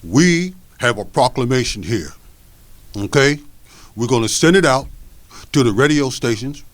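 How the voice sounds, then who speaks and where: A man's voice: mid-range voice, animated, unhurried, lightly acted. A man doing a determined pit bull. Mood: resolute. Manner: firm, rallying declarations. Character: determined male pit bull announcing a plan.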